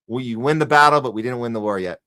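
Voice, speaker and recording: A man's voice: medium pitch, fast, sharp tone. A man hosting a live news commentary podcast, ranting sarcastically and talking to his chat audience. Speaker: podcast host.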